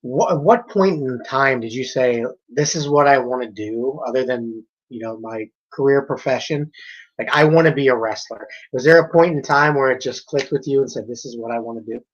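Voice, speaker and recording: Man, mid pitch, podcast host, halting questions, casual. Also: muffled recording. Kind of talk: interview questions.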